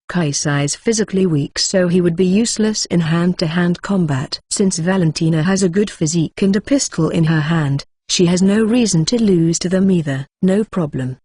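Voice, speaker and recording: A synthetic woman's voice narrating a novel in a flat, mechanical way, reading punctuation aloud. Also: lowish voice, husky, no echo, studio quality. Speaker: audiobook narrator. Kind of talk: scripted narration.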